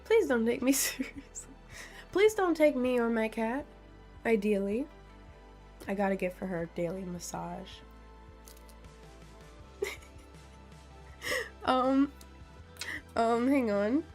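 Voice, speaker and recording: A giggly young woman streaming live, her voice sitting a little high as she chats. She reads viewers' questions out loud and answers them in a playful, easygoing way. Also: lively intonation, slow pace, pauses often, faint music behind. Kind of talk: casual live-stream chat.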